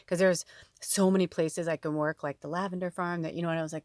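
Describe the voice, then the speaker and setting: Low-voiced woman rambling through a personal story, lots of "like", emotional, dry close sound. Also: fairly even intonation, quick pace, no echo. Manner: chatty, full of "like" and quoted dialogue, emotional, near tears. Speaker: tarot reader and spiritual medium. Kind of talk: casual storytelling to camera.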